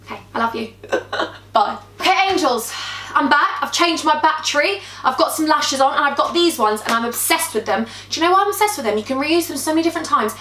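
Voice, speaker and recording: A young woman talks through a makeup tutorial in a gossipy, animated way, her voice sitting a little high. She sounds close to the camera mic in a room that gives a clear echo. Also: fairly quick, a little hiss or hum. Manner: gossipy, animated storytelling while applying makeup. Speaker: beauty vlogger. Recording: echoey room.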